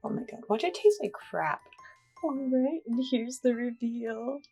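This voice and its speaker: A young woman vlogging her baking, excitable and gasping, swearing and repeating herself, reading recipe steps aloud between outbursts. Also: fairly high pitch, unhurried, soft background music. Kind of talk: casual vlog.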